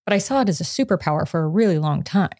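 A psychotherapist in her thirties chats on a podcast and tells a personal story with energy, slipping into voices for the people in it and laughing as she goes. Her voice sits a little low. The sound is close and dry. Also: racing, no room sound. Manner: animated storytelling, acts out quotes, laughs often. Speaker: psychotherapist guest. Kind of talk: casual podcast conversation.

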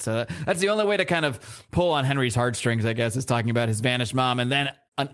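Male podcast co-host, casual and rambling, middle-pitched, reads comic dialogue aloud while recapping. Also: quick pace, a bit bright. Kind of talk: casual comic book discussion. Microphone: podcast mic, live show.

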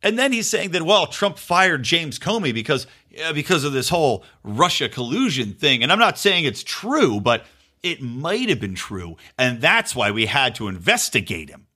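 A man's voice: on the high side, very animated, normal speed, bright, forceful tone, husky. A man hosting a podcast, delivering a sarcastic, ranting political commentary monologue and swearing freely. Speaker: podcast host.

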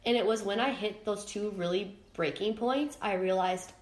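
A woman's voice: mid-range voice, normal speed. A young adult woman, a podcast guest, talking candidly and emotionally about her own life, often restarting and searching for words. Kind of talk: candid personal storytelling. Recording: roomy echo.

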